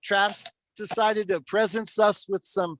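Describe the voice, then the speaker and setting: A co-host in casual chat, laughing along and reading viewer messages aloud. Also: female voice, mid-range voice, fairly even intonation, measured pace. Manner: laughing, reacting, reads super chats aloud.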